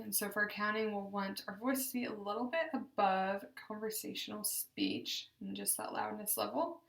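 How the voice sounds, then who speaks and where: A woman leading a group voice exercise class, giving slow, deliberate, encouraging instructions. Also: medium pitch, gravelly, fairly bright tone. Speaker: voice therapy exercise leader. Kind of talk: guided speech exercise class. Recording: roomy sound from a distance.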